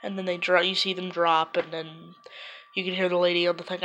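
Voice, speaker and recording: A woman's voice: fairly low pitch, level tone, brisk, fairly bright tone, a little hiss or hum. A woman vlogger retelling events in a loose, rambling, conversational way. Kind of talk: casual retelling to camera.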